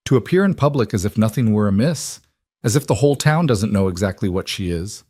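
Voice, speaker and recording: A man's voice: fairly low pitch, animated, fairly quick, dark tone, no echo, studio quality. A man voicing a cruel, snobbish society woman in a frontier town, haughty and mocking.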